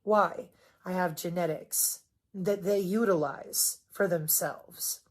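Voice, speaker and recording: A woman's voice: fairly even intonation, takes it slowly. Sarcastic, cussing Midwestern woman vlogger. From Wisconsin, US Midwest. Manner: sarcastic, cussing, emphatic swings in pitch and loudness. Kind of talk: unscripted monologue vlog.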